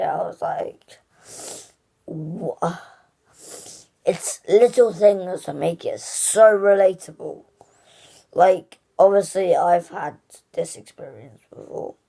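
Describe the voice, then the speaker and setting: A woman's voice: lowish voice, gravelly, mellow. A woman hosting a casual spoken movie review, gushing and rambling with lots of "like" and restarts.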